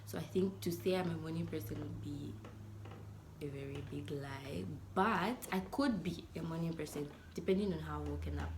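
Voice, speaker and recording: A woman's voice: deep voice, moderate pace, darkish tone, slight background noise. A young woman from Zambia in her twenties, chatting playfully to camera in a casual vlog and often dropping to a near-whisper. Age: 20s. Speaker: vlogger.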